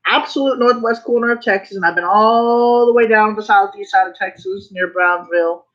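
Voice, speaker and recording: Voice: mid-range voice, moderate pace. A vlogger talking in a casual rant, rambling, repeating phrases and swearing when worked up. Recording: slightly muffled recording.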